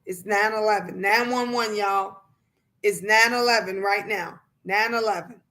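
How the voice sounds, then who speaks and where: Woman, casual livestream chat, emphatic, colloquial, bright forceful voice. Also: mid-range voice, a little slow. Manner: emphatic, animated, repeats phrases for emphasis; colloquial, plain-spoken. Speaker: livestreamer and mother.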